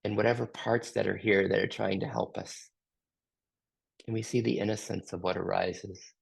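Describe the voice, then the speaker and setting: A man facilitating a group session, gently asking slow, open questions. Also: fairly low pitch, level tone, creaky, slightly rough. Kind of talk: guided group reflection.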